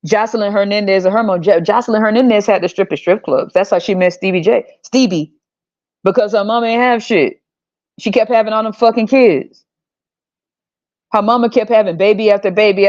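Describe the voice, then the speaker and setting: A woman hosting a podcast, ranting bluntly and profanely with exasperated, sudden high-pitched outbursts. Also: normal speed, a little mellow, dull audio. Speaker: podcast host. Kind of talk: opinionated rant.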